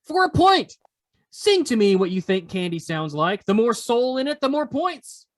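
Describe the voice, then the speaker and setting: A man's voice: extremely high pitch, big pitch swings, moderate pace. A man hosting a podcast quiz segment, teasing the players in a playful, casual way. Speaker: podcast host running a quiz. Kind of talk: casual chat.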